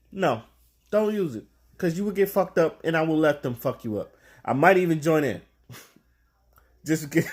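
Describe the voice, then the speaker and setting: A young man talking straight to camera in a casual opinion vlog. He rambles, restarts often and grows louder and more heated as he goes on. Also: fairly high pitch. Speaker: vlogger.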